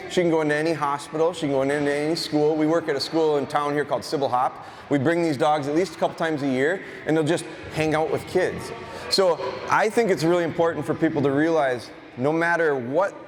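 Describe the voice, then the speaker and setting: A man's voice: a little high, slight background noise. A man who trains gun dogs, talking students through a live demonstration in a school gym and breaking off for short commands to the dog. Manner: conversational, explaining while giving short dog commands.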